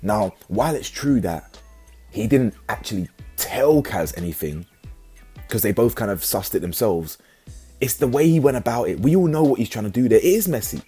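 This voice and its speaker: A man giving a casual, slangy reality show review, animated and full of restarts. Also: lowish voice, normal speed, husky, faint music behind. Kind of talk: casual commentary.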